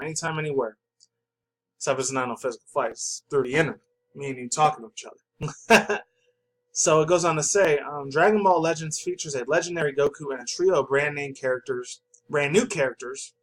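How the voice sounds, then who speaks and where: A man's voice: fairly high pitch, a bit bright, poor audio. A young adult man hosting a pop culture channel, rambling through news articles in a loose, casual way with lots of fillers and swearing.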